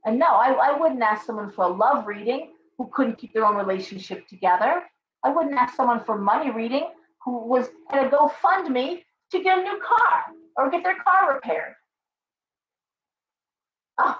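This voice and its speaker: A middle-aged woman hosts a live tarot stream with a blunt, scolding, profane delivery. Her voice sits a little high. The sound is roomy and somewhat muffled, with faint noise underneath. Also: lively intonation, normal speed. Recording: echoey, dull live-stream audio.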